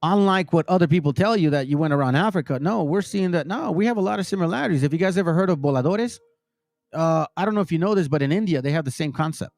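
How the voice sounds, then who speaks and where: A man's voice: fairly high pitch, expressive, fast talker, a little mellow, no room sound, faint music behind. A man hosting his own channel, giving heated, preachy commentary over video clips and speaking straight to his listeners. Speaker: channel host reacting to videos.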